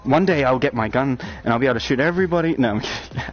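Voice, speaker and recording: A young man giving excited, swearing let's-play commentary on a shooting game. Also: medium pitch, quick pace. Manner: loud excited outbursts, swearing, jokey. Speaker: gaming YouTuber. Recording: slightly dull lo-fi audio with loud game music.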